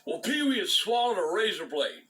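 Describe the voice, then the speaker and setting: A man's voice: high-pitched, very animated, a little fast, over a noisy crowd, rough recording. An older man, telling a long profane story to camera, stumbling over repeated words and cursing constantly. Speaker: storyteller, channel host.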